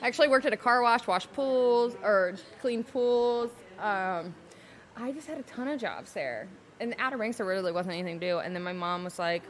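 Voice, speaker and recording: A young adult woman, a podcast guest telling her personal story candidly and emotionally, slowing down to hold back tears. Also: medium pitch. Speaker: podcast guest, salon owner.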